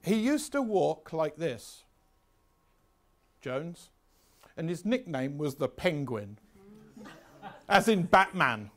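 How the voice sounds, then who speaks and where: A man's voice: fairly high pitch, big pitch swings, takes it slowly, long pauses, fairly bright tone. A man in his sixties giving a revision lecture, chatty, anecdotal and self-mocking. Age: 60s.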